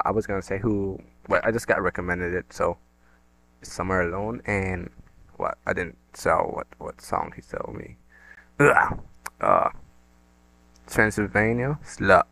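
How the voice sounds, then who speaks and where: A man's voice: sits low, creaky, fairly bright tone, slight background noise, poor audio. A young man hosting a reaction video, chatting casually in a slangy, rambling way that keeps restarting.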